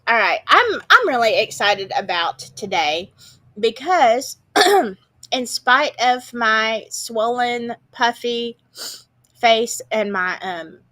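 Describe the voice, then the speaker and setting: A woman hosts a casual livestream from home and chats with her viewers. She talks slowly and unhurriedly, and her voice sounds stuffy and congested from a morning cold. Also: fairly high pitch, animated, pushed and bright. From Southern United States. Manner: chatty, greets viewers by name, drawling. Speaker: livestream show host. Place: home, indoors.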